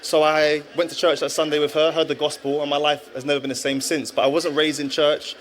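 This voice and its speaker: Fairly quick and flat in delivery, with a voice a little high and a bit bright, a former footballer in his thirties tells his story at a live event. It is an earnest, reflective testimony in a stage interview, marked by frequent restarts, with a little hiss or hum in the background.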